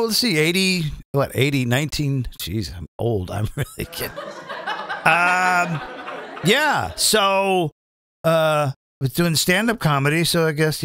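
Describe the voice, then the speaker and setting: A middle-aged man hosting his own show as a comedian and impressionist, talking in a chatty, self-mocking ramble full of quick asides. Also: fairly high pitch, fairly bright tone. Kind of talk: casual rambling monologue.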